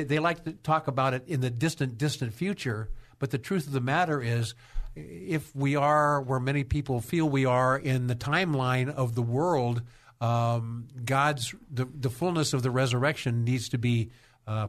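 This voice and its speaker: A man hosting a Christian radio talk show, speaking in a folksy way and often repeating his words. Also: mid-range voice. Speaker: radio host.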